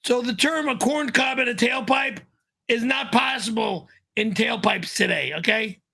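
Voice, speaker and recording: A high-pitched, gravelly man rants on his live stream. He curses freely and flares up into yelling at the slightest push. His tone is bright and edged. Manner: cursing, quick-tempered, flies into high-pitched yelling. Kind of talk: irate live-stream rant.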